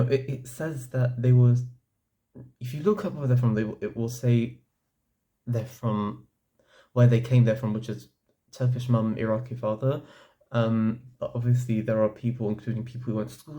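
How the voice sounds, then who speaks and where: A man's voice: medium pitch, warm tone. A young man talking casually to camera, giving his opinion in a rambling way with lots of "like" and restarts. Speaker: vlogger.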